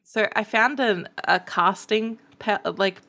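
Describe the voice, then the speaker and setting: Gravelly-voiced woman, dry humor. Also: medium pitch, slow, pushed and bright. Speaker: podcast co-host. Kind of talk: casual podcast chat.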